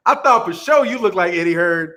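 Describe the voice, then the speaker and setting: A man with a high-pitched voice hosts a boxing live stream. He talks loosely and jokes with his viewers, reading their chat and answering it on the spot. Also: lively intonation, fairly quick, sharp tone. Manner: loose, joking, talks straight to chat, frequent laughs. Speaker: boxing channel host.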